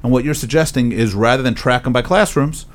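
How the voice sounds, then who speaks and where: A man co-hosting a podcast, talking in a measured, analytical way. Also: medium pitch. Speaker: podcast co-host. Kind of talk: casual panel discussion.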